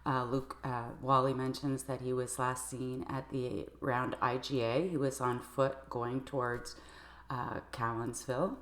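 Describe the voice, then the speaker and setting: A woman giving a personal account to camera in a measured, halting way. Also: extremely low pitch, fairly even intonation, fairly bright tone. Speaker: video creator. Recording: roomy echoey room.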